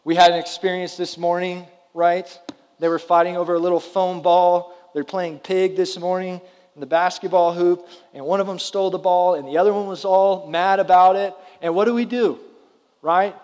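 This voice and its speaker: A man's voice: sits high, steady tone, normal speed, darkish tone. A man in his thirties preaching a sermon to his congregation in a conversational way, often putting questions to the room. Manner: conversational, asks the audience questions. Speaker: pastor. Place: church hall before a congregation. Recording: roomy hall with long reverb.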